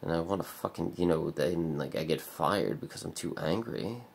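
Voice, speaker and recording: A man with a deep, gravelly voice rambles through a bleak confessional vlog. His tone is husky and rough at the edges, and he swears constantly and leans on filler words. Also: normal speed. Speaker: vlogger.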